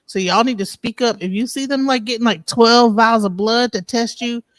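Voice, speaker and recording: A woman's voice: fairly high pitch, moderate pace, no room sound. A woman, talking as a guest in a casual chat, insistent and heavy on swearing. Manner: insistent, profane, heated.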